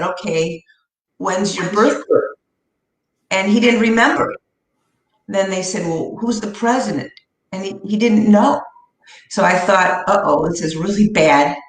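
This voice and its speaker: A middle-aged woman, a guest in an interview, telling personal stories in an earnest, heartfelt way and slowing down for emphasis. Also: medium pitch. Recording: roomy echo.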